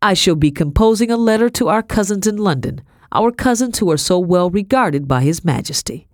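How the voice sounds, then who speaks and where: A woman's voice: medium pitch, lively intonation, moderate pace, no room sound, studio quality, voice pushed up, close to an everyday voice. A woman voicing an impatient, haughty lady of the house who snaps commands at her servants. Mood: imperious. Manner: imperious, snapping commands.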